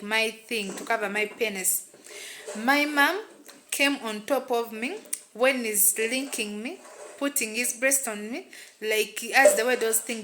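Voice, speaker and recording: A woman's voice: fairly high pitch, pushed and bright, slight background noise. A woman narrating a first-person story in an emotional, repetitive way. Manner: emotional, repetitive, tags lines with "what and what".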